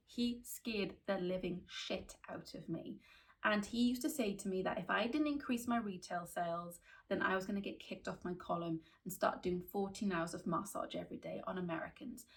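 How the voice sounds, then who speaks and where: A woman from Wales, a skin therapist telling candid stories in a podcast chat, animated and full of restarts. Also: medium pitch, moderate pace, vocal fry. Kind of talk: casual storytelling in a podcast chat.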